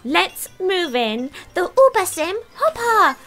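Excitable female game streamer, high voice that swoops a lot, giggly. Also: slow pace. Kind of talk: let's play commentary.

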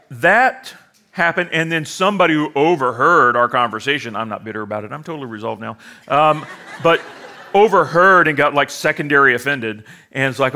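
A man's voice: medium pitch, pushed and bright. A middle-aged male pastor preaching a sermon with humor, sarcastic asides and acted-out quoted voices.

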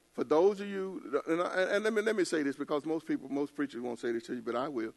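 A man's voice: fairly high pitch, vocal fry. An older man preaching a casual sermon, telling stories in a loose colloquial way with laughing asides. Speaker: pastor. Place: church.

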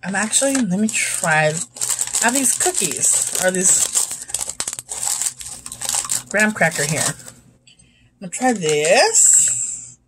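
A woman's voice: mid-range voice, animated, slow, long pauses, background noise. A young woman chatting casually as she tastes and rates snacks, sometimes talking with her mouth full. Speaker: YouTube host. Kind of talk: casual snack review vlog.

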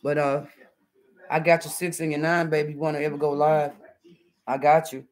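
A woman's voice: sits low, flat delivery, moderate pace, darkish tone, rough recording. A middle-aged woman with a Southern American accent chats casually on a live stream while cooking at home. She talks in a sassy, blunt way and cusses freely. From southern United States. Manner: sassy, blunt, lots of cussing. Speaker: YouTuber.

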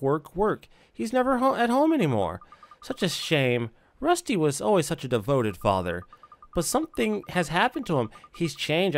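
A man voicing a gossiping, kindly old neighbour woman, fussy and soft-spoken. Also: mid-range voice, voice pushed up.

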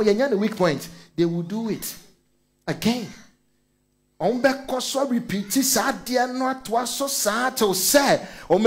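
Animated Ghanaian pastor with a high voice. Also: male voice. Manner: mixes Twi and English, animated storytelling, calls out hallelujah. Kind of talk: sermon.

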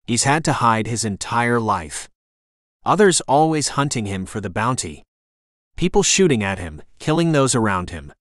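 A man's voice: medium pitch, sing-song, moderate pace, a bit bright, dry recording, studio quality. A male audiobook narrator voicing a tough young male shifter detective who speaks bluntly and confrontationally.

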